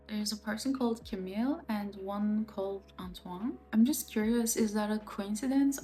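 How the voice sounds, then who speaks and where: A woman's voice: medium pitch, warm tone. A woman chatting enthusiastically about a book in a casual vlog, full of fillers. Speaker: book vlogger. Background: faint music.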